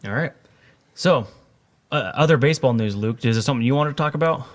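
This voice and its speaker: Quick-talking man co-hosting a podcast. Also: medium pitch. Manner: quick, joking, laughs often. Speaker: podcast co-host. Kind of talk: casual chat.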